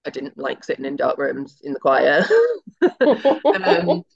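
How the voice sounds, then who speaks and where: A middle-aged woman chats through her career story as an interview guest, slipping into little acted-out bits of dialogue. Her voice carries a gravelly edge of vocal fry, and the audio is slightly muffled and lo-fi. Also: rumbling low, very animated, takes it slowly. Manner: chatty and anecdotal, acts out quoted dialogue. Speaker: guest, television executive.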